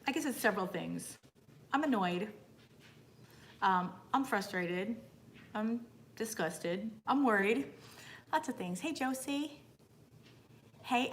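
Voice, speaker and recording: A woman chats live with her viewers, greeting them one by one before turning earnest and frustrated. Her voice sits in a middle range. A steady hiss of noise runs under the home livestream audio. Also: medium pitch. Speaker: beauty YouTuber livestream host. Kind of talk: casual livestream chat.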